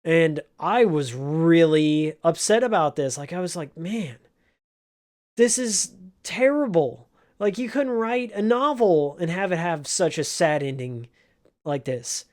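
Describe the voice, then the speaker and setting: A man's voice: a little high, lively intonation. A man telling an emotional story from his old job in a casual vlog, in an earnest, heartfelt way. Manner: slow, earnest, emotional retelling. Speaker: vlogger, former game store clerk.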